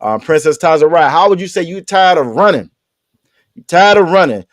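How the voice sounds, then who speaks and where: A man's voice: fairly high pitch, animated, normal speed, no echo, studio quality. A man teaching an online language class, patiently repeating his questions and joking casually with his students.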